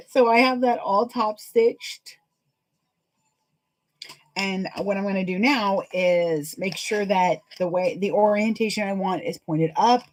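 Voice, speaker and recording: A woman's voice: mid-range voice, slow pace, long pauses, rough recording. A woman chatting in a rambling, laughing way as she hosts a live sewing stream. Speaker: sewing livestream host. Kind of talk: casual chat while sewing live.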